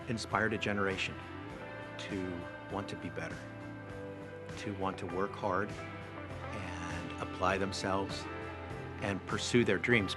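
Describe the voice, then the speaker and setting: Low-voiced man over a music bed. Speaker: interviewee. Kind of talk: reflective interview.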